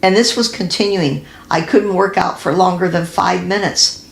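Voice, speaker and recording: Earnest, slightly gravelly woman teaching in an echoey room. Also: fairly low pitch, fairly even intonation, moderate pace. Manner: earnest, confiding, many ums and restarts. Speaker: Christian women's fitness teacher. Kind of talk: personal faith-based health talk.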